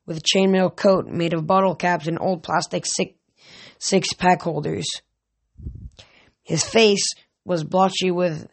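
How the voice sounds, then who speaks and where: A casual first-person audiobook narration with a plain, unpolished delivery. The reader often stumbles over a word and corrects it before going on. It sounds like a home reading rather than a studio production. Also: medium pitch.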